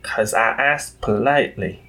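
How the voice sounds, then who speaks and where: A man's voice: medium pitch, measured pace, bright, forceful tone. A man voicing a friendly, polite female farm pony who talks in a country drawl.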